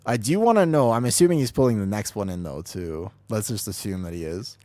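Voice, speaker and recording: A man streaming an online game as a healer, rambling excitably through casual commentary, swearing freely and laughing often. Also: on the low side, fairly quick, no room sound. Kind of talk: casual live gameplay commentary.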